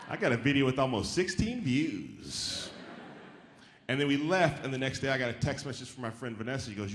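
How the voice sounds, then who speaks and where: Audience laughter rises behind a man doing stand-up on a theater stage, his mid-range voice very animated at a moderate pace. He keeps it casual, riffs with the crowd and sometimes mimics chirpy voices, all captured in a roomy live hall with faint crowd noise.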